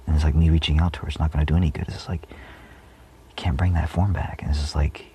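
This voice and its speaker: A man's voice: a bass voice, flat delivery, quick pace, dark tone, slight background noise. A man giving a rambling spiritual monologue, full of fillers, often dropping into a whisper. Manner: meandering, many fillers, often trails off into whispers. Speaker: spiritual vlogger.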